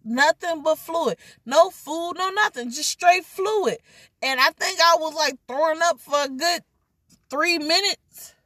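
A young adult woman vlogger telling a casual story in an animated, overly dramatic way. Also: extremely high pitch, measured pace, no room sound, clean studio sound. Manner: self-described overly dramatic, animated retelling.

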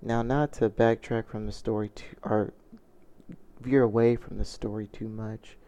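A man's voice: lowish voice, level tone, a little slow, warm tone. A man telling a personal story in a confessional vlog, earnest and reflective, often restarting his sentences. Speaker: vlogger.

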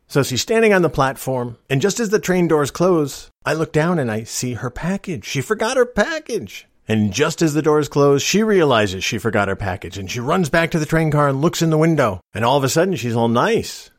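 A middle-aged man spins a rambling tale with a wry, deadpan humor, his pitch rising and falling in lively swings. The sound is close and dry, with no room around it. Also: brisk, dry recording. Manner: wry, deadpan joking delivery. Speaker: storyteller host. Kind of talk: casual spoken storytelling.

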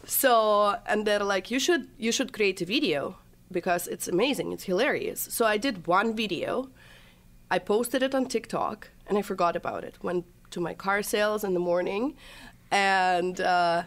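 A woman's voice: medium pitch, a little slow. A young woman from Russia, a TikTok comedian guest, chatting casually and telling stories with laughs and acted-out quotes. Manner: chatty storyteller, laughs often, acts out quotes. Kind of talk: casual interview chat.

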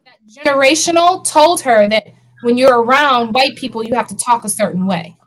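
A woman with a high-pitched voice leads a casual panel talk. She speaks earnestly and animatedly, with frequent laughter. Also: brisk, poor audio. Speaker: podcast co-host.

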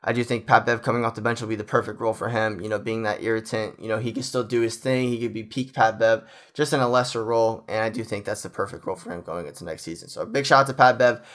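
A man's voice: fairly low pitch, fairly even intonation, fast talker, few pauses, fairly bright tone. Young guy rambling about his team, super emotional and gushy, casual fan talk. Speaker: fan commentator.

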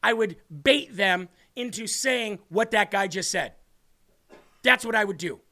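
A man hosts his own livestream of fiery political commentary, his high voice bright and sharp. He speaks a little slowly but leans into every point with a combative, ranting edge.

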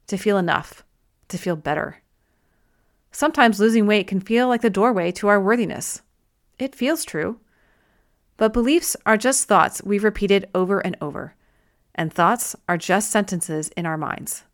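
A woman narrating an inspirational self-help book in a gentle, reflective manner. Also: mid-range voice. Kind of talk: audiobook narration.

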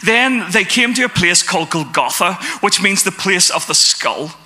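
A man's voice: sits high, animated, normal speed, pushed and bright, faint music behind. A man preaching a sermon to a congregation, asking them questions and reading scripture aloud. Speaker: pastor.

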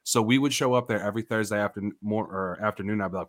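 A man in casual podcast chat, telling a story with animated, loud bursts and laughs. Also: lowish voice, fast talker, slight background noise.

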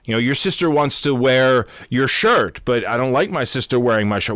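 With a medium-pitched, fairly bright voice, a man speaks at normal speed with hardly any pauses in a dry, clean studio recording. He's a Lutheran pastor hosting a podcast, giving an unscripted teaching talk that is repetitive and self-correcting, with frequent "okay?" check-ins.

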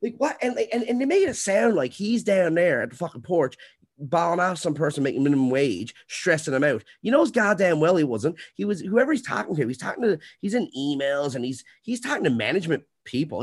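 A man's voice: on the high side, big pitch swings, fairly quick. A man hosting a podcast, ranting in a heated, profane way during a casual chat. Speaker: podcast host.

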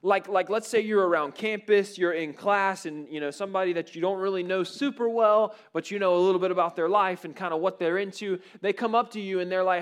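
A man's voice: sits high, fairly quick, few pauses, clear, resonant tone. A man preaching a sermon to students in a conversational way, with frequent fillers and repeated words. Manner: conversational, many fillers and restarts.

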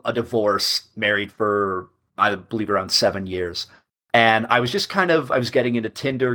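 A man's voice: mid-range voice, fairly bright tone. A man in his thirties co-hosting a podcast, telling his own story in a candid, self-deprecating way. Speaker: podcast co-host. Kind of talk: casual podcast chat.

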